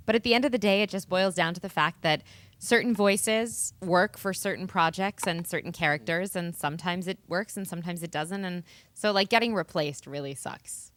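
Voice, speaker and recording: A woman's voice: lowish voice, a bit bright, no echo. A woman talks casually as a voice actor on a panel. She chimes in with short, supportive remarks. The sound is close and dry, with no room around it. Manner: chiming in with quick supportive remarks.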